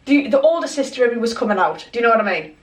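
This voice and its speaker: Lively young woman telling a story. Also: fairly high pitch, racing. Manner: animated, swears a lot, acts out quotes. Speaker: vlogger. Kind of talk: casual storytelling. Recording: echoey room, mic at a distance.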